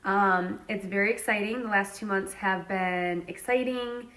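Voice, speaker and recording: A woman's voice: medium pitch, steady tone, measured pace, a bit bright. A woman who owns a hair salon, chatting casually to her viewers in a gushing, emotional way with lots of fillers, recorded in her salon. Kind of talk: casual vlog chat.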